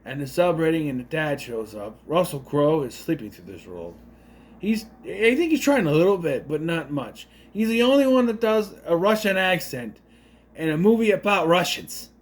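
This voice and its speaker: A man's voice: on the high side, sing-song, moderate pace. A man giving a casual spoken movie review, rambling with unsure asides and self-corrections.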